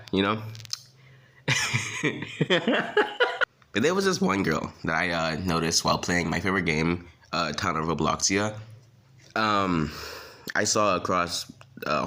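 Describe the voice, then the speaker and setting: Late-teen guy with a low voice, casual, chuckling storyteller. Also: animated, slow pace, pauses often, bright, forceful tone. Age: late teens. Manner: laughs through his lines, loose and self-mocking. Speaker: vlogger. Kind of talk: jokey storytime monologue.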